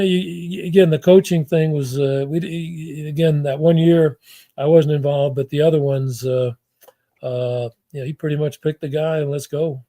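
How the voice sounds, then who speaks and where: A man's voice: on the high side, mellow, dry recording. An older man, a former football front-office executive, telling rambling stories as an interview guest, with lots of restarts and acted-out quotes. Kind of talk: anecdotal interview storytelling.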